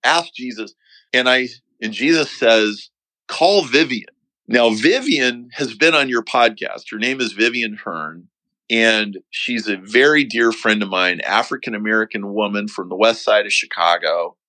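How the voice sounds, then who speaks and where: A middle-aged man as a podcast guest, slowly and earnestly recounting a personal story in a reflective way. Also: fairly low pitch, bright, forceful tone, dry recording, low-quality recording. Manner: slow, reflective, earnest telling.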